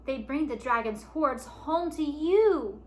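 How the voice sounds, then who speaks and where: A woman's voice: high-pitched, lively intonation, slow, darkish tone, voice pushed up. A woman voicing a timid, earnest peasant boy in a storybook read-aloud.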